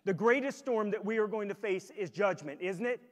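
Brief: a male pastor with a high voice, preaching emphatically through the sanctuary sound system, long reverb. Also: lively intonation, brisk. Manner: emphatic, rhetorical questions to the congregation. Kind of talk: sermon. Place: church sanctuary. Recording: long church hall reverb.

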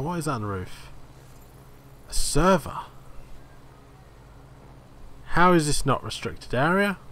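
A man's voice: mid-range voice, a bit bright. A man hosting a gaming video, casually commenting as he plays and thinking aloud in a rambling way. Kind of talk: let's play commentary.

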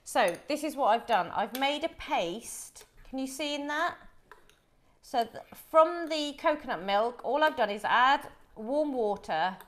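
A woman's voice: high voice, lively intonation, measured pace. Middle-aged woman host, cooking live on camera, friendly running explanation of each step. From Wolverhampton, England.

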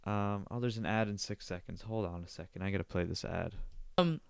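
A young Canadian man hosts a casual solo podcast, rambling, joking, swearing freely and sniffling now and then. His voice is on the low side, fairly quick, smooth with vocal fry, and picked up by a close desk mic with no echo.

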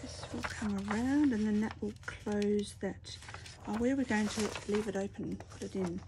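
A woman running a craft channel talks casually to the camera at a normal speed in a medium-pitched voice, murmuring asides as she guides herself through each step. The background is noisy.

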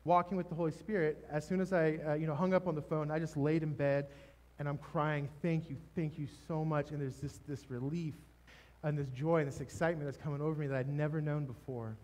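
A man preaching a sermon, telling a personal testimony in an emotional, halting way with many restarts. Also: on the high side, fairly even intonation, a little mellow. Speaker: pastor. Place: church stage.

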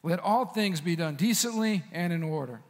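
A male pastor delivering a sermon in a church sanctuary, talking with the congregation as much as preaching to them. His voice sits high for a man. The room carries a long reverb. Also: moderate pace, a little hiss or hum. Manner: conversational, animated preaching with asides to the congregation.

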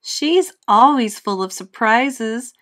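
A woman's voice: on the high side, expressive, slow pace, a bit bright. A woman voicing a proud, doting monster mother in a storybook, with a sing-song, dramatic delivery.

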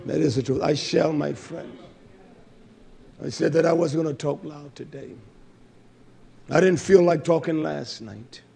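A man preaching a fervent, scolding sermon, swinging between loud bursts and low murmurs and calling out hallelujah. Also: measured pace, vocal fry, pauses often, slightly rough.

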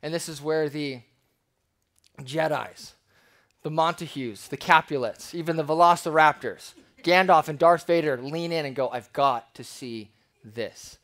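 A man preaching a sermon as pastor, conversational and lively, with playful asides. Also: fairly high pitch, moderate pace.

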